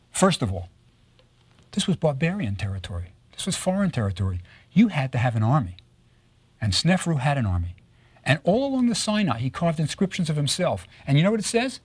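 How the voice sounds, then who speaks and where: A man giving a recorded lecture on Egyptology, telling stories with lively rhetorical questions and frequent tag questions. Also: medium pitch, breathy edge, dry recording. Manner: animated storytelling with rhetorical questions; tags statements with "right?".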